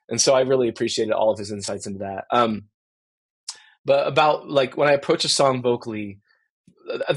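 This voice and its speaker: A middle-aged man with a husky, slightly breathy voice at a middle pitch, thinking aloud in long, looping answers. He restarts phrases and pads them with fillers as he works through his ideas in a relaxed interview. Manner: rambling and reflective, many fillers and restarts. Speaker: guest musician.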